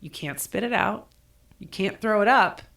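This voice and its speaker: Gravelly-voiced woman telling a story. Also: medium pitch, moderate pace. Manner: animated, acts out quotes with laughter. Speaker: podcast co-host. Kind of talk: casual storytelling chat.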